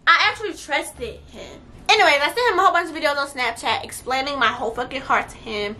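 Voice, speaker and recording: A young adult woman telling a story on her vlog, blunt, profane and animated, her voice swinging louder at times. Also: high voice, quick pace, few pauses, a little hiss or hum. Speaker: vlogger.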